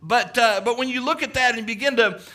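Male preacher, high bright voice, fervent sermon delivery with swelling emphasis. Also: brisk. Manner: fervent, quoting at length, rising emphasis. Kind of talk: sermon retelling a vision.

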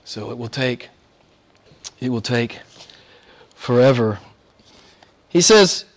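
Male preacher, sermon delivery, animated pitch, hushed-to-loud swings, playful and laughing. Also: slow pace, long pauses. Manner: swings between hushed whispers and loud, high exclamations; laughs often, playful asides.

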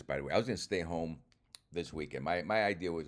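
Very deep-voiced older man, wry. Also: brisk, long pauses. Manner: wry, self-mocking, swears freely. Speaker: comedian. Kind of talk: casual rambling monologue.

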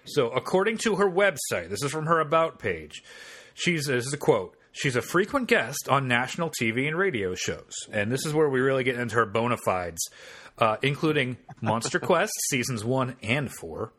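A man hosts a comedy podcast, his voice bright and clear-toned. His pitch swings widely as he talks. He tells the story in loose, profane banter with wry asides. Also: lively intonation, normal speed.

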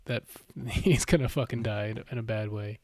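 A man as a guest on a film podcast, talking in a relaxed, rambling way and laughing often. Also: fairly low pitch, brisk, no echo. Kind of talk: casual film discussion.

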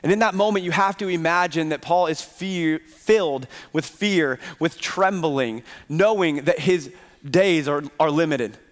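A man's voice: fairly high pitch, unhurried. A man preaching a Sunday sermon as pastor, earnestly posing rhetorical questions to his congregation. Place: church sanctuary. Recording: reverberant hall.

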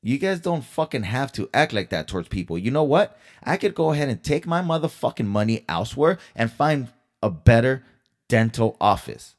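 A man's voice: medium pitch, very animated, moderate pace. A man hosting his own podcast, venting in a heated, profanity-laden rant and throwing rhetorical questions at his listeners. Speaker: podcast host. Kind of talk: solo podcast storytelling rant.

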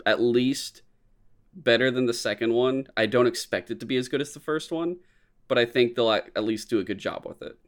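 A man's voice: mid-range voice, fairly quick. A young man in casual, profane chat about a movie, acting out quotes from scenes. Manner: laid-back, swears often, acts out quotes.

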